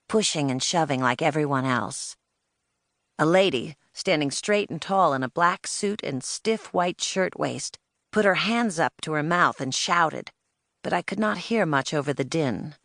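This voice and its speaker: A woman's voice: low voice, no echo, clean studio sound. A woman narrating a children's audiobook in first person, telling it in the plain-spoken voice of a spirited young girl.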